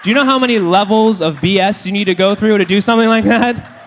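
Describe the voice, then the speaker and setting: A man's voice: high voice, fast, slight background noise. A man doing a live stand-up comedy set, chatty and self-mocking, laughing at his own jokes on a handheld stage mic. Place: live comedy hall with audience.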